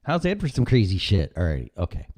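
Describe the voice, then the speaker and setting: A man's voice: low-pitched, wildly swooping pitch, a little fast, a little mellow. A middle-aged man hosting a casual live-stream show, rambling and sarcastic with frequent swearing. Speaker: podcast host.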